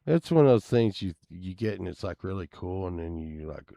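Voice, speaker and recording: A man's voice: low voice, expressive, normal speed, gravelly, dark tone, no room sound, studio quality. A man rambling casually as he browses items online, grumbling and swearing now and then. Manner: meandering, grumbling asides, occasional swearing. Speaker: vlogger.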